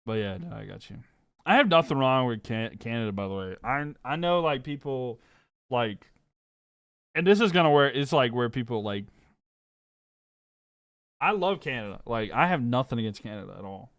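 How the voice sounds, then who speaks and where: Casual male streamer, Southern US accent, rambling and laughing, mid pitch, dry close mic. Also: expressive, normal speed, long pauses, no echo. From American South. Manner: laid-back, rambling, fillers, laughs often. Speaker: sports streamer. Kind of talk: casual live-stream chat reading comments.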